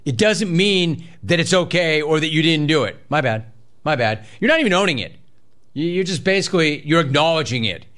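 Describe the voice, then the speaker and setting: A man's voice: fairly high pitch, a little fast. A man hosting a sports talk show, reading listener emails and teasing his co-hosts with lots of repetition. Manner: animated, mocking, repeats phrases for effect. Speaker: sports radio host.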